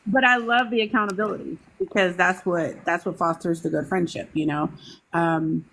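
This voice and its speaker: A woman's voice: lowish voice, normal speed, a little hiss or hum, poor audio. A woman in her forties on a panel, chatting casually and acting out what others said to her. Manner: animated, acts out quotes. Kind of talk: casual chat.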